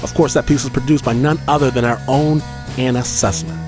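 A man hosting a radio storytelling show, reading his links with a lively, emphatic delivery. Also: mid-range voice, a little fast, music in the background. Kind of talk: scripted host narration.

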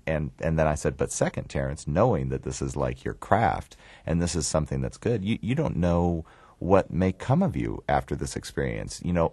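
A man's voice: very deep voice, no echo. A man with a Southern US accent, a film writer-director telling stories in an interview, restarting phrases and acting out quoted lines. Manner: relaxed, repeats words and restarts, acts out quoted lines. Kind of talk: storytelling in an interview.

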